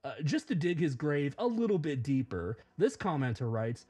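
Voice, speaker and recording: Male commentator, scripted and sarcastic, profane. Fairly high, very animated delivery. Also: moderate pace, hardly any pauses, husky. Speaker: YouTube commentator.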